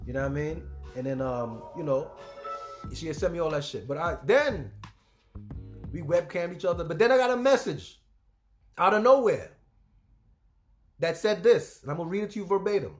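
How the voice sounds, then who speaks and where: High-voiced man telling a story. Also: moderate pace, pauses often, faint music behind. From Trinidad. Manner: animated, profane, keeps saying "you know what I'm saying". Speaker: travel vlogger. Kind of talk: casual storytelling.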